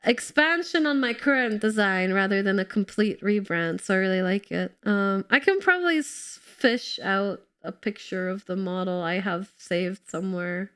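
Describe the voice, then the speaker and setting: A woman streaming a game, chatting casually and excitedly with her viewers while slightly ill and coughing. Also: mid-range voice, normal speed, hardly any pauses, smooth. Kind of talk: casual live-stream chat while playing.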